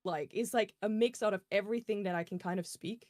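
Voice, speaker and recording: A woman's voice: mid-range voice, a little fast, a little mellow, no room sound, studio quality. Chatty German woman, hybrid accent. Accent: German-English hybrid. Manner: chatty, laughs often, casual swearing. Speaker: podcast guest, streamer. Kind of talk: casual chat.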